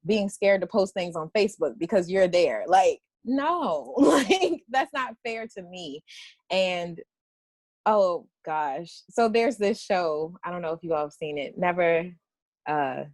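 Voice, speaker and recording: In a mid-range voice with no room sound, a woman poet from Washington, D.C. speaks openly as an interview guest. She wanders through restarts and laughs and at times is close to tears.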